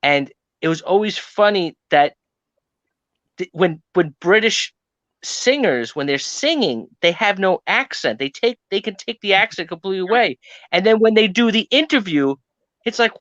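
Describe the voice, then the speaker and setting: An American man chatting casually on a live show, telling stories in an animated way and mimicking voices. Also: high-pitched, normal speed, no echo, dull audio. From United States. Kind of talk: casual chat.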